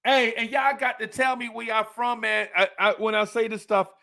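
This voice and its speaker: A man with a New Jersey accent hosts a casual podcast in a high, bright voice with a gravelly edge. He talks slowly and playfully, with lots of slang, and often laughs and circles back over his own words. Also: little pitch movement. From Jersey City, New Jersey. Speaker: podcast host reading listener comments. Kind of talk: casual live podcast chat.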